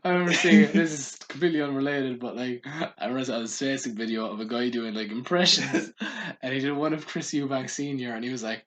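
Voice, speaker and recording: A man's voice: mid-range voice, quick pace, hardly any pauses, a bit bright. A man co-hosting a wrestling podcast in casual chat, rambling and laughing often. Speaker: podcast co-host.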